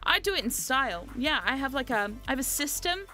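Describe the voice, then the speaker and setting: A woman's voice: sits high, big pitch swings, brisk, bright, forceful tone, soft background music. A woman streamer telling a travel story in casual chat, swearing freely and laughing often.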